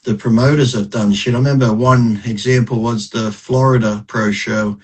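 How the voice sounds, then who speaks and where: A middle-aged man with a husky, mid-pitched voice, talking as a podcast guest. His stories come out blunt and profane, and he is quick to laugh at himself. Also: steady tone, darkish tone, low-quality recording. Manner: blunt, profane, self-mocking. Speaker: podcast guest, retired bodybuilder. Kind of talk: casual interview storytelling.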